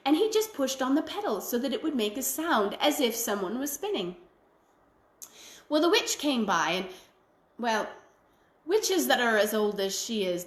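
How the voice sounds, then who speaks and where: A woman storyteller telling a traditional tale in an expressive, folksy way. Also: a little high, echoey room. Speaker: library storyteller. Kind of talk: oral storytelling.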